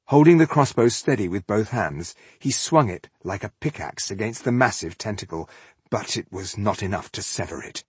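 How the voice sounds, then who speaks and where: A man narrating a fantasy story in a steady, measured way, recorded close and dry. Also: on the low side, husky, no echo. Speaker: audiobook narrator.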